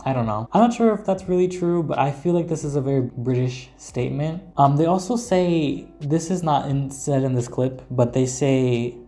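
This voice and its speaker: A man's voice: medium pitch, moderate pace, few pauses, dark tone, soft background music. An American man explaining language differences in a casual, rambling way, full of hedges and filler words. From United States. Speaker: English teacher.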